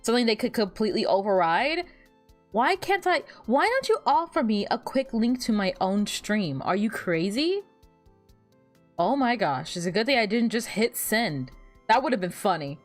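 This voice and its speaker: Young woman, livestream chatter, giggly, rambling, higher voice, bouncy lively pitch, faint music behind. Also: moderate pace. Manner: animated and giggly, often laughing at her own jokes; rambling, repeats words while fiddling with her setup. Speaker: VTuber streamer. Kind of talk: casual livestream chat.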